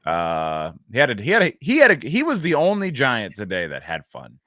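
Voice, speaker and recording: A man's voice: mid-range voice, huge pitch swings, moderate pace, pushed and bright, no room sound, clean studio sound. A man co-hosting a sports podcast, musing wryly with lots of hesitations in casual chat. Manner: rambling, hesitant, wry. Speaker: podcast co-host.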